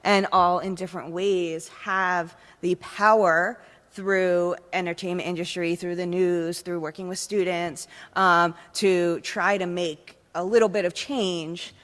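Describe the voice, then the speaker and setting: A woman panelist with a fairly low voice talks in a loose, rambling way, leaning on fillers. Her voice carries the long reverb of a big hall. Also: fairly even intonation, measured pace, fairly bright tone. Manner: casual, rambling, filler-heavy. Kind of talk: panel discussion.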